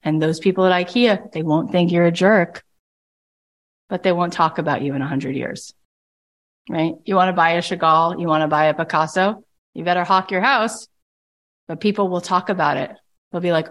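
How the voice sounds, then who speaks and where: A woman's voice: on the low side, a little fast. A woman coach leading a group call, talking emphatically and bluntly and jumping into mocking voices to make her points. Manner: emphatic and animated, with big swings into mocking voices; blunt and profane at times. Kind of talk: impassioned coaching talk.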